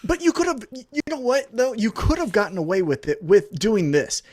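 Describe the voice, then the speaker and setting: A man's voice: high-pitched, very animated, normal speed, darkish tone, dry recording, studio quality. A man co-hosting a podcast, ranting heatedly and profanely about a storyline. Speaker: podcast co-host. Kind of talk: profane wrestling podcast rant.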